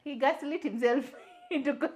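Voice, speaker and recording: Animated young woman telling a story. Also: high-pitched, normal speed. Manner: animated storyteller, slips into Swahili, acts out quotes. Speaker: podcast co-host. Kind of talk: casual storytelling chat.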